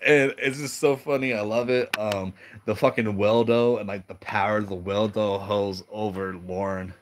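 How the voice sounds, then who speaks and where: A man's voice: fairly low pitch, steady tone, moderate pace, noisy background. A young man giving casual, crude commentary on characters, laughing often and acting out quotes. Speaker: video commentator.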